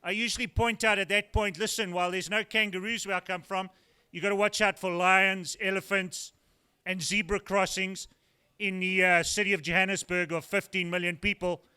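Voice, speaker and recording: An older man from South Africa with a South African accent, doing a stand-up routine as a comedian in a dry, wry storytelling manner with pauses. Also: high voice, level tone, sharp tone, clean tone. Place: brewery taproom with live audience.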